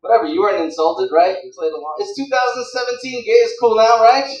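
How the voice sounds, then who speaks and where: A man's voice: extremely high pitch, fast talker, highs cut off. A young man doing stand-up comedy on a club stage, rambling and teasing the crowd on a handheld mic. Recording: roomy club sound from a distance.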